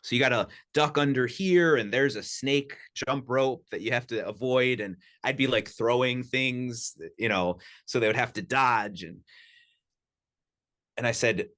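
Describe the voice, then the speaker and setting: A man telling lively personal anecdotes as a podcast guest, talking casually with lots of "you know" and "like". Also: medium pitch, a little slow. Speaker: podcast guest, sound healer. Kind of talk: casual storytelling. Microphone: studio podcast mic.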